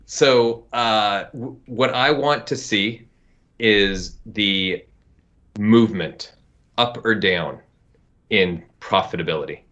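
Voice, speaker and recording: A man's voice: on the low side, takes it slowly, fairly bright tone. A man co-presenting, bantering in a dry, joking way. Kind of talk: casual banter. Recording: dull lo-fi sound.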